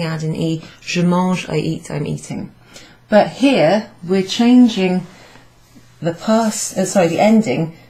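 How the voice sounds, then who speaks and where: A woman leads a French grammar class, her voice sitting a little low. She talks slowly and patiently, repeating herself and sounding out each French phrase with care. She speaks indoors to a live class. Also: a little mellow. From Wales. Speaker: French teacher. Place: pub function room, indoors.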